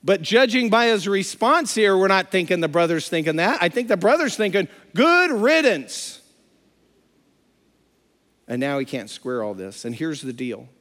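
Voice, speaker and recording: Animated male preacher in a reverberant hall. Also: high voice, fairly quick, hardly any pauses. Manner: dramatic, acts out the characters in the story. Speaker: pastor. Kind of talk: sermon.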